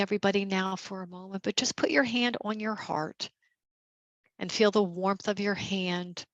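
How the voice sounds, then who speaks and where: A woman teaching a caregiver support workshop over a video call, gentle and encouraging, with casual fillers. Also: medium pitch, dry recording, poor audio.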